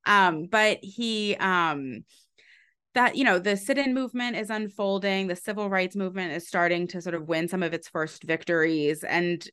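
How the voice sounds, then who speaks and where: A woman's voice: on the low side, fairly bright tone. A woman author and historian answering interview questions, explaining her research with frequent fillers, restarts and light laughs.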